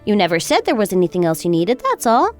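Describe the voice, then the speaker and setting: A woman's voice: mid-range voice, huge pitch swings, fast, soft background music. A woman playing a calculating young wife in a texting-story drama, sweetly polite yet cutting. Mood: sweetly businesslike. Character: cool, calculating young wife getting even. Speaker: daughter-in-law.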